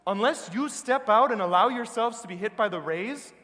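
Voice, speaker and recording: A man with an American accent preaching a sermon as a priest, earnest and emphatic, slowing down on key words. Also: high voice, lively intonation, pushed and bright. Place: large church. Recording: reverberant church hall.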